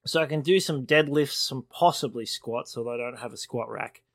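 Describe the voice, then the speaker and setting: A man's voice: medium pitch, creaky, fairly bright tone, no room sound, clean studio sound. A man co-hosting a casual podcast, teasing his friend and rambling through his plans. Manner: teasing, rambling, quick with jokes. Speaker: podcast co-host. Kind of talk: casual chat.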